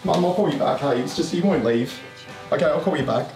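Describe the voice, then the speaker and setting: A man's voice: fairly high pitch, brisk, darkish tone. Shaky, swearing man. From Australia. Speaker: reality TV personality. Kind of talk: unscripted documentary footage. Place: house, indoors. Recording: roomy, distant, music under.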